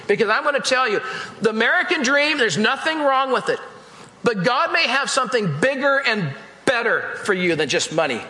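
High, bright-voiced male pastor preaching. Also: lively intonation, moderate pace. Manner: emphatic, repeats phrases, addresses the congregation directly. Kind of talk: sermon. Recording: echoey hall with long reverb.

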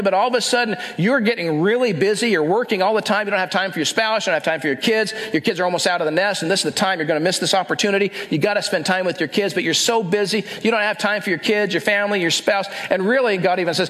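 A man with a high voice preaches a sermon in an easy, conversational way. He keeps asking the listeners questions and slips into short acted-out quotes. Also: fast talker, a bit bright. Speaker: pastor.

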